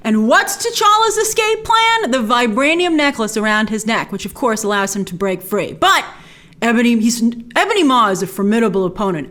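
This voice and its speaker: A woman hosting a show, giving a casual, excited, chatty breakdown and review of an episode, often quoting characters in little voices. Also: mid-range voice. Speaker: show host.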